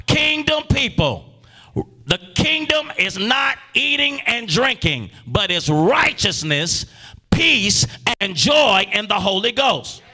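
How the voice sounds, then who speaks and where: A man preaching a sermon as pastor in a church, calling on the congregation to answer back and rising into shouts. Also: sits high, sing-song, takes it slowly. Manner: preaching with call-and-response, bursts into shouting. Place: church sanctuary.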